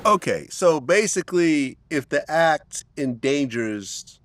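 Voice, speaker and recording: Lively interviewer man asking short questions. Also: a little high, slow pace. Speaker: interview host.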